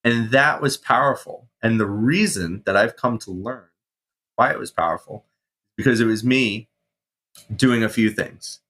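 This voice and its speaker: A man in his thirties, a guest on an interview show, telling his story casually with swearing and animated reenactments of his past self. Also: medium pitch, a little slow. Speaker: guest, mindset coach and firefighter.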